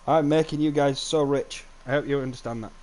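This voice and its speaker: A man's voice: mid-range voice, fairly quick. Young guy streaming, chatty and sweary, yelps when stuff goes wrong, faint hum behind. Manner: chatty, swears often, bursts into excited outbursts. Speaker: livestreamer. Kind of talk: live gameplay commentary.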